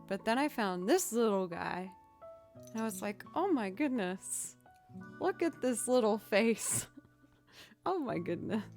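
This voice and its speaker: A woman hosting a casual livestream chat, answering viewer questions as a chatty, expressive storyteller. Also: mid-range voice. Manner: chatty, expressive storyteller who acts out quoted reactions.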